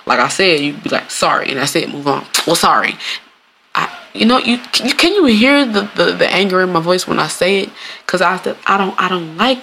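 A podcast host in a casual solo monologue, animated and swearing freely, often laughing and acting out quoted lines in playful voices. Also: mid-range voice, fairly quick, slight background noise.

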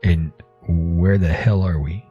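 A man playing in a tabletop game, talking gruffly. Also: low-pitched, steady tone, slow, dark tone, lo-fi sound, soft background music. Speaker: player.

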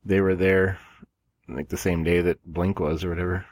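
A man with a very deep voice co-hosting a casual podcast. He chimes in with short, laid-back remarks. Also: flat delivery, moderate pace, darkish tone, dry recording. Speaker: podcast co-host.

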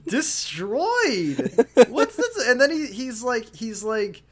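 A man co-hosting a casual chat about a video game, excitable and laughing often as he retells scenes. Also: extremely high pitch, takes it slowly, crowd noise. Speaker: podcast co-host.

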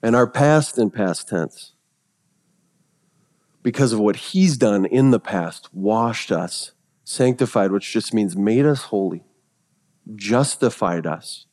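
Pastor guy preaching, goes quiet then gets all fired up, big echoey hall. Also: lowish voice, takes it slowly, pauses often. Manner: storytelling, swinging from hushed to excited. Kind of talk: sermon.

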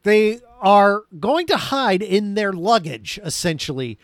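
A high-pitched man talks through an old film with a co-host, his voice swinging up and down as he mocks the plot. The sound is close and dry, with no room around it. He is sarcastic and laughs easily. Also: slow pace, no room sound. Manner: animated, sarcastic, laughs often. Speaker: podcast co-host. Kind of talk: casual movie review chat.

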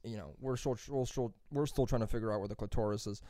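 A man's voice: mid-range voice, fast talker, slight background noise. A young man telling a long, rambling story in casual podcast chat, swearing often and acting out what people said. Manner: rambling, profane, animated when quoting.

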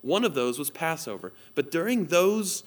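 A man's voice: on the high side, expressive, moderate pace. A man in his thirties preaching an online sermon as a pastor, telling a family story in an earnest way and reading scripture aloud.

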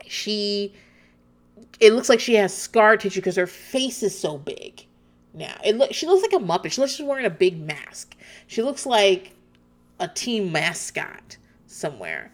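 A woman chatting casually as a commentator, animated, with her pitch jumping high when she reacts. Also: unhurried.

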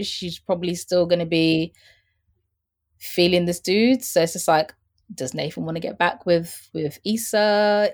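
Chatty woman with a lower voice. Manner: chatty, laughs often, many fillers. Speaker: podcast guest, fashion insider. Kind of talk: casual chat about a TV show.

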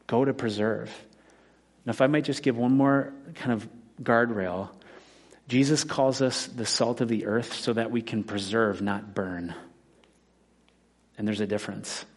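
A man in his forties preaching from the pulpit in an easy, conversational way. He weaves scripture together with everyday stories from his own life, and his voice sits at an ordinary middle pitch. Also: fairly even intonation, a little slow, pauses often. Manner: conversational preaching with personal anecdotes. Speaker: pastor. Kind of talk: sermon.

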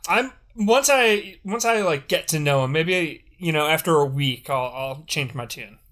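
A man co-hosting a casual podcast, blunt and sardonic and quick to swear. His voice sits a little higher than most men's. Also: animated, fairly bright tone. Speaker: podcast co-host.

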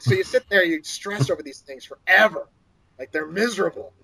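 In a gravelly, slightly rough voice at a moderate pace, a Boston-area author recounts a story as a guest on an interview podcast. He's animated and casual, lifting his voice higher to perform what others said, and the recording is low quality.

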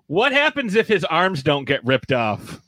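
A man's voice: a little high, wildly swooping pitch, unhurried, a bit bright, dry recording. A man in casual, profane podcast chat, given to sarcastic impressions.

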